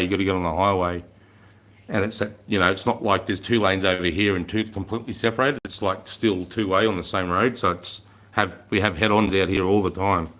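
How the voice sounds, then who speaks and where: A man's voice: deep voice, fairly bright tone. An Australian man in his forties, chatting casually and bluntly with viewers on a livestream, swearing freely and calling people mate and bro. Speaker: livestream host.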